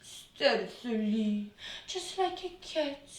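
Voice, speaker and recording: A boastful, theatrical young male nobleman, played by a woman, in a stage comedy, swooping through lively exclamations. The voice is heard from a distance in a roomy studio, with faint background noise. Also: fairly high pitch, extremely slow. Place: studio room.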